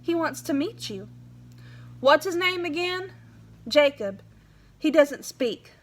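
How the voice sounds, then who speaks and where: A woman's voice: sits high, animated, slow pace, voice pushed up. Woman voicing a firm protective farm wife. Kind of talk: storybook read-aloud.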